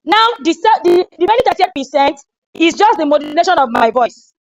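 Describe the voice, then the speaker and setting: A woman trainer giving an animated classroom lecture and acting out a teacher scolding a student. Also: very high voice, brisk, no room sound, rough recording. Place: lecture room.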